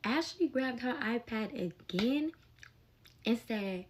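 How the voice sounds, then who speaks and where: A young adult woman telling a personal story in a casual storytime vlog, animated and emotional, with plenty of slang. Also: mid-range voice, moderate pace, a little hiss or hum.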